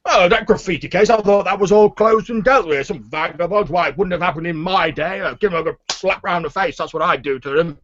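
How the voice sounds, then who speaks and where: A man's voice: sits high, brisk, few pauses, fairly bright tone, voice pushed up. A man putting on a pompous fat old tax collector. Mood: blustering. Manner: blustering, scolding, self-important. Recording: muffled lo-fi recording.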